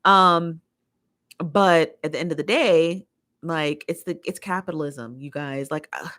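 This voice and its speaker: Livestream host, American woman with a lowish voice, opinionated and fed up, reads chat comments and rants. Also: a little slow, fairly bright tone. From United States. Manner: opinionated, exasperated ranting with emphatic repetition. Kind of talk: casual livestream commentary, reading viewer comments.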